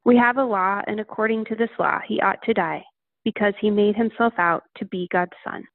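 A woman's voice: mid-range voice, fairly even intonation, normal speed, no echo, lightly acted. A woman voicing insistent, accusing male temple leaders in a Bible reading. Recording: tinny phone-like line.

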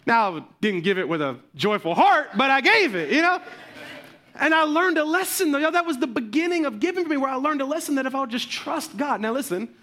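A male pastor delivers a sermon from the pulpit with a high, bright voice. He tells his story in an animated way and turns often to speak straight to his congregation. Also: fairly quick. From Memphis, USA.

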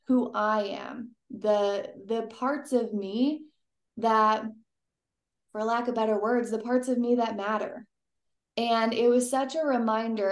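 A young adult woman giving a personal faith testimony in an earnest, emotional way, often restarting her sentences. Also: fairly high pitch. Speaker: guest.

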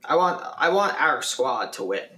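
Bright-voiced co-host in a roomy space. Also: medium pitch, very animated, a little slow. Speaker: podcast co-host. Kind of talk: casual chat about an anime episode.

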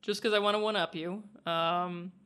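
A woman's voice: on the low side, steady tone, moderate pace, fairly bright tone, clean tone. A woman co-hosting a podcast in a playful, casual way, steering the talk into the next segment. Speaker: podcast co-host. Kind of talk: casual chat.

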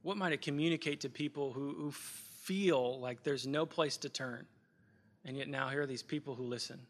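A man's voice: medium pitch, normal speed, in a large hall. A male pastor preaching a sermon in an earnest, reflective way, repeating phrases for emphasis.

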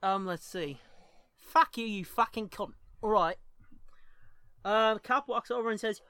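A man's voice: sits high, unhurried, pauses often, pushed and bright, clear, resonant tone, no echo. A man co-hosting a podcast in casual chat, joking and swearing freely, easily sidetracked. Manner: profane, joking, easily distracted. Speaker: podcast co-host.

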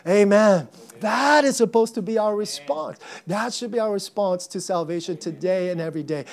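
Male pastor, young adult, high-pitched, animated sermon delivery with bursts of shouting. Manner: animated, acts out voices, shouts for emphasis.

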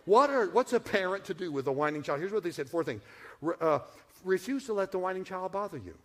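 A middle-aged man preaching a sermon in a folksy, humorous way, swinging from hushed asides to loud punchlines. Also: high-pitched, animated, fast. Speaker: pastor.

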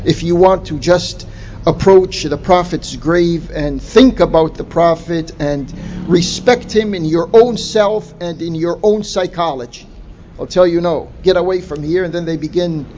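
A man preaching a sermon in a slow, deliberate way, stressing key words with emphatic rises. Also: fairly high pitch, darkish tone. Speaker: Islamic preacher. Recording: dull lo-fi recording with faint noise.

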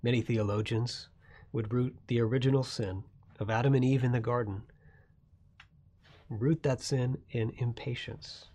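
Male pastor, mid-pitched preaching voice, soft asides building to emphatic peaks. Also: fairly even intonation, measured pace, long pauses. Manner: swings from soft, low asides to loud, rising emphasis. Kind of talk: sermon.

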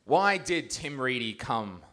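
A man's voice: medium pitch, sing-song, slow, a bit bright. A man doing live stand-up on a comedy stage, roasting people in the audience with crude, mocking banter.

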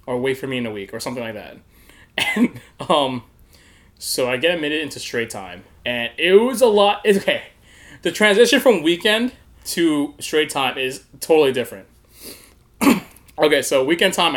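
Profane, animated young man telling a story. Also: medium pitch, normal speed. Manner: animated, laughing, profane, acts out quotes. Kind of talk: casual storytelling.

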